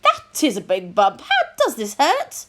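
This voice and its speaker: A woman's voice: on the high side, huge pitch swings, a little slow, noisy background, voice pushed up. A woman doing a flustered, posh young doctor. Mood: flustered, cheery. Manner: posh, apologetic, sing-song. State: out of breath.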